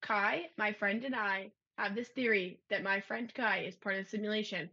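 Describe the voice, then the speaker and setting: A woman's voice: mid-range voice, fairly even intonation, normal speed, pushed and bright, breathy edge. A young woman co-hosting a comedy podcast, telling stories emphatically in casual chat. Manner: emphatic storytelling, laughs easily. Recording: dull lo-fi recording.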